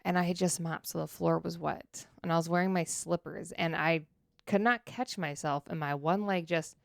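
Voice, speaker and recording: Speaking at a moderate pace, this podcast co-host has a fairly low, gravelly voice as she animatedly tells stories and acts out quotes in casual chat. The studio dynamic mic gives studio-quality sound with no echo.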